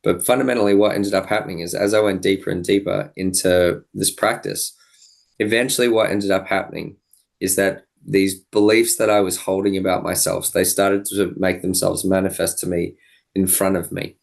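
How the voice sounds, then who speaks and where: A man's voice: low-pitched, level tone, moderate pace, vocal fry. A young man, a podcast guest, telling a personal story in an earnest, thoughtful way, often restarting his phrases. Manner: earnest, thoughtful, with frequent restarts and quoted dialogue. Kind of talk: reflective storytelling in an interview.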